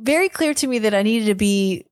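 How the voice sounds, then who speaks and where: A woman co-hosting a Christian marriage podcast, telling a story in a casual, animated way and acting out quoted lines. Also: mid-range voice, a little fast, dry recording, studio quality. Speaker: podcast co-host.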